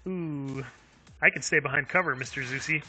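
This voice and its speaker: A man's voice: a little high, normal speed, sharp tone, breathy edge, soft background music. A man streaming a video game live, chatting upbeat with viewers, laughing often and using lots of fillers. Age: adult with young kids. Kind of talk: live gameplay commentary.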